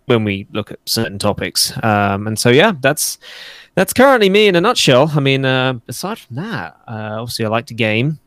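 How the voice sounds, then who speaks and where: A chatty man from England, his accent slightly Americanized by years in the US, talks about his podcast and fitness work. His pitch swings widely as he acts out what others say to him, and he laughs often. The recording is dry and close. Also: sing-song, normal speed, fairly bright tone, dry recording. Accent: English, softened by years in the US. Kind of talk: casual chat.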